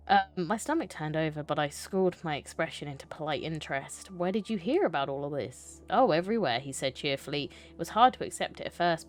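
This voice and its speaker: A woman streamer reading a choose-your-path story game aloud, breaking off to swear and joke between lines. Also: low-pitched.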